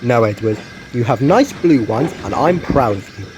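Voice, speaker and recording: A man's voice: mid-range voice, expressive, normal speed, darkish tone, lightly acted. Man doing a stern railway boss. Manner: stern, formal. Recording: noisy home recording.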